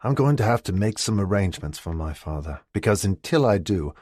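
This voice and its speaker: A man reading an audiobook and voicing a playful, devoted gentleman in a romance. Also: deep voice, lively intonation, a little fast, no echo, clean studio sound. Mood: tender.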